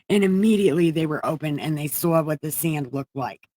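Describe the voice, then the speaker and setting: A woman's voice: low-pitched, fairly quick, mellow, dry recording, rough recording. A woman reading the Bible on a livestream in a comedic, casual way, irreverent and profane, chatting with viewers.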